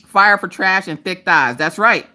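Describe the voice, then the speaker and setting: A woman's voice: mid-range voice, unhurried. A woman hosting a casual crafting livestream, talking straight to her viewers with sass and lots of energy. She grew up in the eastern United States countryside. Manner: animated, sassy, talks straight to viewers. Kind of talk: casual live chat.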